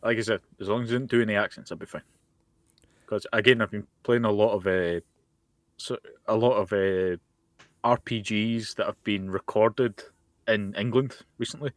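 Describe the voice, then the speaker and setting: A Scottish man with a fairly low voice, chatting bluntly and sardonically as a podcast co-host and swearing freely. The sound is dry and close, like a voice call. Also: fairly even intonation, moderate pace, no room sound. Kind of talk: casual chat. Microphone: Discord voice call.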